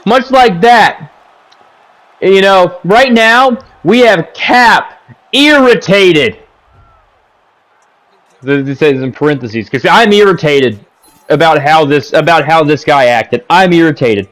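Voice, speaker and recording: A man giving casual, ranting commentary over his own gameplay footage, seated at a home setup, repeating himself and punctuating plays with "boom". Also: expressive, slow, long pauses, fairly bright tone, poor audio. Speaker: gaming commentator.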